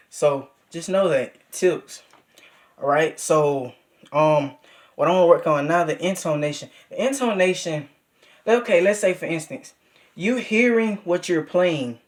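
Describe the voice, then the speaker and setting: A young man giving a casual trumpet lesson, coaching directly and counting beats aloud. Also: on the high side. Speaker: music teacher.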